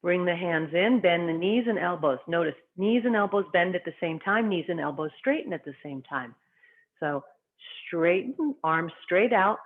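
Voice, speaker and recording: A qigong teacher leads a class in an even, mid-range voice, giving calm, short spoken cues that follow the rhythm of the breath. The sound is thin and narrow, like a voice heard over a phone line. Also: medium pitch. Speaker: qigong instructor. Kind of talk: guided qigong class instruction.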